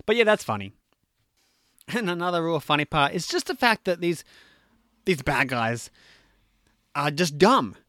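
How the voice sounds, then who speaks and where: A man casually retelling a movie plot in an animated, jokey, chatty way, full of fillers. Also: fairly high pitch, measured pace, pauses often, dry recording, clean studio sound. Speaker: movie recapper.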